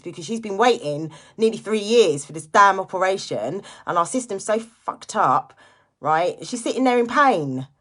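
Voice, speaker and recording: A woman's voice: medium pitch, a bit bright. A middle-aged woman, a mother, speaking earnestly and from the heart on a live stream, growing impassioned at times. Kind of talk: emotional personal livestream talk.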